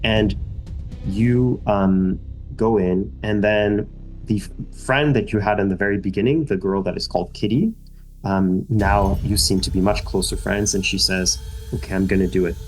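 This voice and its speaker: Low-voiced man narrating as game master. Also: steady tone, unhurried, soft background music. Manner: casual, rambling with many fillers.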